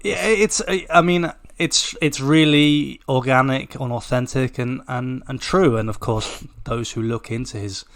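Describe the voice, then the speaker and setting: A man co-hosting a sports podcast in casual chat, measured and analytical, often breaking off and restarting. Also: medium pitch, a bit bright. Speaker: podcast co-host.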